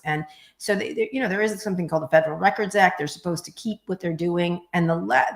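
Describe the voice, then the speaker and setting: Middle-aged woman guest, low voice, blunt and quick, roomy echo. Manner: blunt, fast, joking. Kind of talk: casual interview chat.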